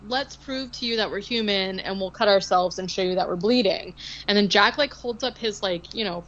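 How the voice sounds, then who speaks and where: A woman's voice: medium pitch, fairly bright tone, dull audio. A woman co-hosting a podcast, recapping a film in casual chat, rambling with lots of "like" and sarcastic asides. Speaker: podcast co-host.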